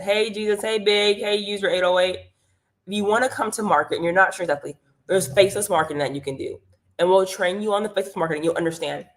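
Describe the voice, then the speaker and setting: A woman hosting a live stream, giving an energetic motivational pep talk about earning extra income and greeting viewers in the chat by name. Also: lowish voice. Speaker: livestream host and business coach. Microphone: streaming mic.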